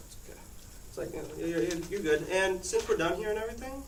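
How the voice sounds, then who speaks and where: In a high-sitting male voice, a fast-talking teenage boy spins a rambling personal anecdote for his class, laughter breaking in frequently. The sound is echoey and noisy, captured from a distance.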